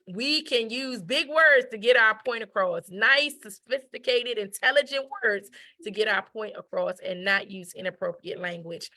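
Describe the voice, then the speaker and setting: Woman teaching manners, chatty and emphatic, repeats herself a lot, middle pitch. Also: vocal fry, pushed and bright. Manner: emphatic, repeats key phrases, asks "right?"; acts out quoted speech. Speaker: etiquette educator. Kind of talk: conversational teaching talk.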